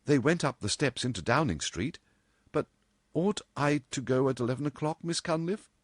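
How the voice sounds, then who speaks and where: A man voicing a composed young woman stenographer who speaks in a measured, level way. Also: medium pitch, lively intonation, no room sound, studio quality, voice pushed up, close to an everyday voice.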